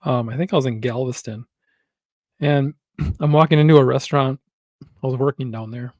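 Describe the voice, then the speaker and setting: A man's voice: medium pitch, normal speed, no room sound. A man from Wisconsin, co-hosting a casual podcast chat and acting out both sides of the conversations he retells. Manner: animated storyteller who acts out both sides of a conversation. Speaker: podcast co-host.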